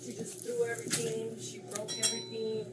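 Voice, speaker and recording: A woman's voice: fairly high pitch, big pitch swings, moderate pace. Upset young woman on noisy bodycam. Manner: upset, rambling, insistent. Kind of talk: talking to police. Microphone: officer's body camera. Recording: loud noise on bodycam audio.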